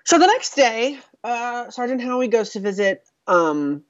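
A woman's voice: on the high side, sing-song, measured pace, dry recording. A woman co-hosting a casual chat, recapping a film with lots of fillers and laughter. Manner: chatty, with many fillers and laughs. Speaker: podcast co-host. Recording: dull, lo-fi sound.

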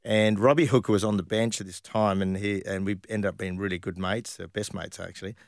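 A man's voice: on the low side, a little fast, no room sound, clean studio sound. An Australian man in his fifties, a former footballer, telling casual stories in an interview with lots of fillers and restarts. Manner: animated anecdotes with many fillers and restarts. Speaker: guest, former professional footballer.

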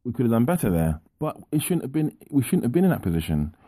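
A man's voice: mid-range voice, sing-song, quick pace, dark tone, husky, no room sound. A man giving a frustrated, impassioned monologue about a lost football match, repeating himself as he rants. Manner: impassioned, repetitive, ranting. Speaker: football fan commentator.

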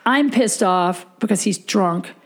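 A woman's voice: mid-range voice, slow pace. A young adult woman hosting a podcast, telling a dramatic story in casual, profane chat. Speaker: podcast host.

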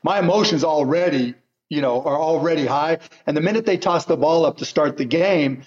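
A man's voice: a little high, fairly quick, a little mellow. A middle-aged man from Pittsburgh, speaking as a guest and telling blunt, direct stories in casual conversation. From Pittsburgh, USA. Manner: blunt, anecdotal storyteller. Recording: muffled lo-fi audio.

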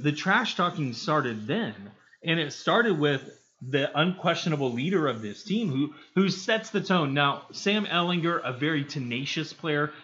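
A man co-hosting a sports podcast, giving measured, thoughtful analysis. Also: on the high side, fairly bright tone. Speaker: podcast co-host. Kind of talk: casual sports podcast chat. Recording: muffled lo-fi with faint noise.

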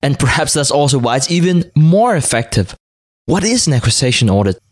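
A man's voice: medium pitch, very animated, fairly quick, dry recording. Polite male podcast host, dry sound. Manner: polite, formal phrasing. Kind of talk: reading prepared interview questions.

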